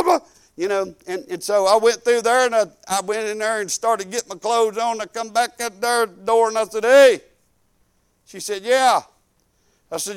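Older male pastor, folksy sermon storyteller, high-pitched, smooth ringing tone. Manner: folksy, animated storytelling with acted-out quotes.

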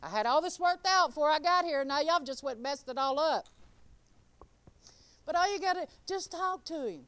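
A woman preaching an informal sermon and giving her testimony. She talks straight to the crowd and swings between soft, quiet asides and loud, emphatic lines. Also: high voice, dry recording. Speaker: speaker giving a testimony and teaching.

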